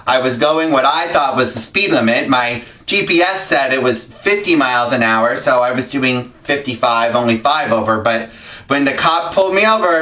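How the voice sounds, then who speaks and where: A man's voice: fairly high pitch, sharp tone. A man hosting a web series, telling self-deprecating comic stories full of pop culture jokes. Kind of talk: comic monologue. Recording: echoey room, distant mic, music underneath.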